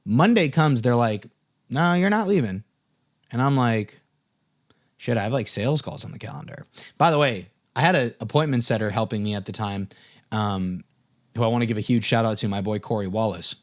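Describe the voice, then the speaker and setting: A man's voice: on the low side, fairly quick. Casual young man telling a story. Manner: casual, filler-heavy, swearing. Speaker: music business coach.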